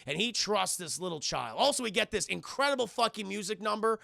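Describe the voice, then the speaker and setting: A man's voice: sits high, lively intonation, brisk, creaky, sharp tone, no echo, clean studio sound. A young man streaming a live film review, recapping scenes to his chat with frequent laughter, loose swearing and acted-out quotes. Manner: laughs often, swears freely, acts out quotes.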